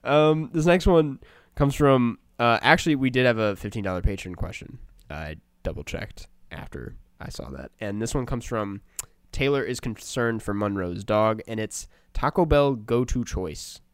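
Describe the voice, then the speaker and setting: A young man co-hosting a podcast, chatting casually and telling animated stories with frequent laughs. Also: medium pitch, normal speed, few pauses, clean tone, no echo, studio quality. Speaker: podcast co-host.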